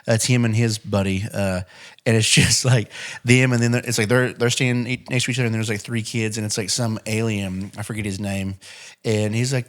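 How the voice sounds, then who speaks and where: A young man chatting casually on a podcast with a mid-range voice. He tells stories animatedly and keeps slipping into high, goofy voices for quoted lines. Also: steady tone, brisk, a bit bright. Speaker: podcast co-host. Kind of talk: casual chat.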